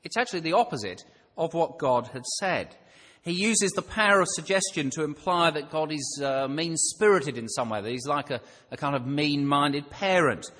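A man's voice: on the high side, expressive, moderate pace, a bit bright, in a large hall. A man preaching a sermon in a conversational way, thinking aloud and asking rhetorical questions.

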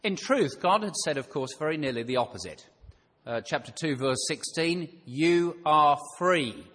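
A man's voice: a little high, animated, moderate pace, fairly bright tone, slightly rough, big-room sound. A man preaching a sermon in a conversational way, thinking aloud and asking rhetorical questions.

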